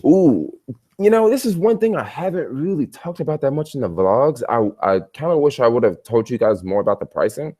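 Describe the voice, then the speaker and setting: A man's voice: mid-range voice, expressive, fairly quick, mellow, husky. A man chatting casually on a livestream from his hotel bedroom, telling stories in a rambling, slangy way. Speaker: travel vlogger.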